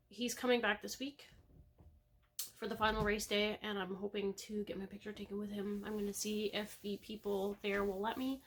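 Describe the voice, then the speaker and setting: A young woman chatting to her viewers in a loose, rambling way, full of ums and little laughs. Her pitch sits in an ordinary middle range, and she talks with a soft, personal, slightly emotional tone. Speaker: cross-stitch vlogger. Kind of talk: casual chat to camera.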